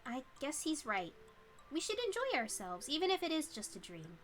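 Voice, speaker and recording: A woman voicing an excitable teenage schoolgirl while reading a visual novel aloud, bubbly and prone to flustered outbursts. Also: high voice, moderate pace, faint music behind, voice pushed up. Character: excitable cheerful teenage girl student.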